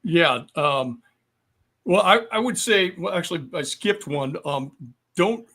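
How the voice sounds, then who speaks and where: Sixties male veteran guest, mildly high voice, patient explainer. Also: lively intonation, sharp tone. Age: 60s. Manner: explanatory, measured, with frequent ums. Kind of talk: podcast discussion.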